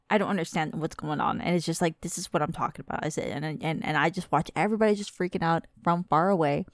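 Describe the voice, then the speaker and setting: A woman in her thirties hosting a podcast, ranting in a casual, exasperated and profane way, with sharp emphatic bursts. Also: fairly low pitch, quick pace, no room sound, clean studio sound. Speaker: podcast host. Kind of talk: casual rant.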